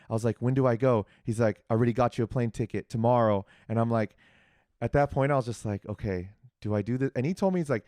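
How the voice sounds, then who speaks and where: Man, young adult, casual podcast storytelling, acts out dialogue, mellow dark tone, dry close sound. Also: mid-range voice, no room sound. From California. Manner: animated, acts out quoted dialogue, many fillers. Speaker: podcast guest telling his story. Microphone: podcast mic.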